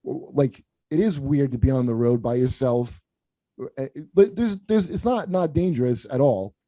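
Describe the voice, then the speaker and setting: A man's voice: mid-range voice, moderate pace, dark tone, no room sound. A man hosting a comedy podcast, telling rambling, profane stories in casual chat. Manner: profane, rambling anecdotes with acted-out quotes.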